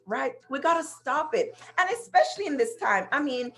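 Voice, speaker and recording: A woman's voice: sits high, expressive, a little fast, few pauses, a bit bright. A middle-aged woman hosting a talk show over a video call, telling stories emphatically and speaking straight to her audience. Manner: storytelling, addresses audience directly, emphatic. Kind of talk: casual talk show monologue. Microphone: computer mic on video call.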